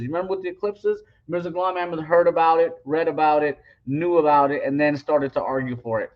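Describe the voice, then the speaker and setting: A man's voice: fairly high pitch, muffled recording. A man giving heated, rambling commentary, arguing his point and stumbling through fillers and restarts. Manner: argumentative, halting with many fillers and restarts. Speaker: online religious commentator.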